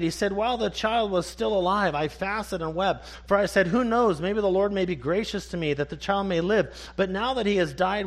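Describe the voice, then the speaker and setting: Preaching a sermon, a man whose voice sits a bit above the typical male range speaks emphatically. He throws out rhetorical questions, then drops to quiet one-word replies.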